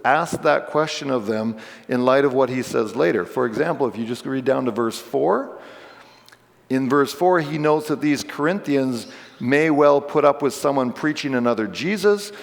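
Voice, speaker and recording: Pastor preaching in a reverberant church. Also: male voice, mid-range voice, expressive, normal speed, vocal fry. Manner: conversational, explains scripture with casual asides. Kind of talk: sermon. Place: church sanctuary.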